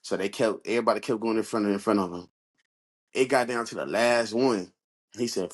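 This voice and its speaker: A young man with a medium-pitched voice, talking at a normal speed. He co-hosts a podcast and tells stories in casual chat, using loose, profane slang.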